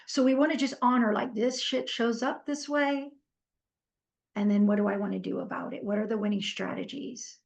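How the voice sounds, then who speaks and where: A middle-aged woman with a higher, creaky voice speaks at normal speed while leading a workshop. She keeps it casual, with fillers and animated stories, and invites the group to comment.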